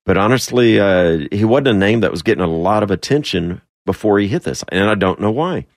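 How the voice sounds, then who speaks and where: A man with a low, deep voice co-hosts a sports radio show, trading jokes and firm opinions. The sound is dry and close-miked, with no room echo. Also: expressive, brisk. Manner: joking, opinionated commentary. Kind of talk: casual sports radio chat.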